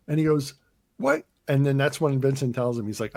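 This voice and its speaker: A man's voice: mid-range voice, moderate pace, darkish tone, no room sound. Man retelling a movie, dry close sound. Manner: retells film scenes with quoted lines, many fillers. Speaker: podcast host. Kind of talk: casual movie podcast chat.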